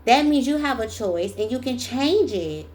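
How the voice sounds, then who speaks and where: A woman gives a casual spiritual tarot reading, chatty and emphatic, reading card texts aloud and repeating the key lines. Her voice is on the high side, animated and a little mellow, at a normal speed.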